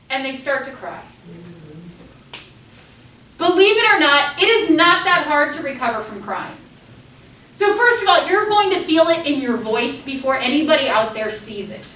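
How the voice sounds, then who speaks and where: Animated high-voiced teacher lecturing class. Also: female voice, moderate pace, pauses often, slight background noise. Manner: lively, animated, acts out students' panicked voices. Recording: echoey classroom, mic at a distance.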